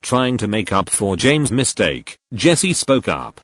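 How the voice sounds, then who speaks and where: A man's voice: on the low side, sing-song, slow pace, hardly any pauses, fairly bright tone, dry recording, studio quality. Man reading a fan story aloud. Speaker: narrator.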